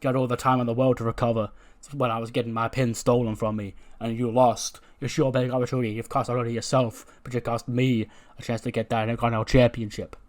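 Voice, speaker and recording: A man's voice: medium pitch, flat delivery, quick pace, few pauses, natural voice. A man voicing an angry male wrestler who scolds his younger partner in a swearing rant. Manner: ranting, swearing.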